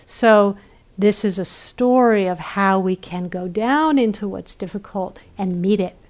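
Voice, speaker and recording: A woman meditation teacher giving a gentle dharma talk, often checking in with listeners and trailing off softly. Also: medium pitch, measured pace. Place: retreat center.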